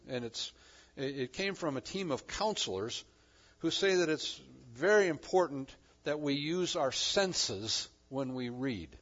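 A man preaching a sermon, swinging between loud emphasis and quiet asides. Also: medium pitch, highs cut off. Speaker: pastor.

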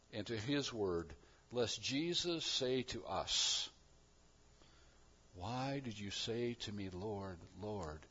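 A man preaching a sermon as pastor, moving between quiet reflective passages and loud, emphatic declarations. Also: medium pitch, muffled recording.

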